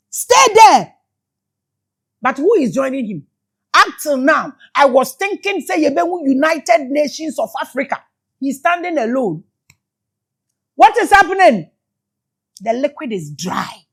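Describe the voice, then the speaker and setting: A Ghanaian woman giving emotional spiritual commentary, shouting exclamations and switching between English and Twi. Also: high voice. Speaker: spiritual teacher.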